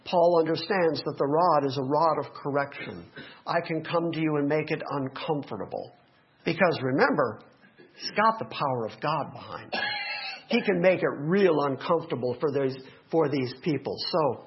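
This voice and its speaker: A middle-aged man preaches with a high voice that swoops up and down. He delivers his sermon with energy and drops joking asides to the congregation. The recording sounds dull and lo-fi. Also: expressive, moderate pace. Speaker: pastor.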